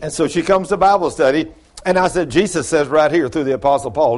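A man preaching a sermon in folksy storytelling style, dropping to low mutters and rising to high exclamations. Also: a little fast, a little mellow. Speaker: pastor.

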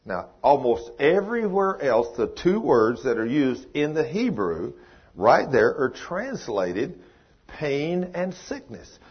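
A man's voice: mid-range voice, very animated, takes it slowly, husky. An older man preaching a sermon in a folksy, emphatic way, with sudden rising bursts of emphasis. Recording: dull, muffled lo-fi recording.

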